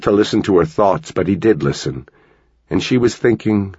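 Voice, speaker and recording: A man reading a novel aloud as an audiobook narrator, with steady, measured storytelling. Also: low voice, husky, no echo, dull audio. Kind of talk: scripted narration.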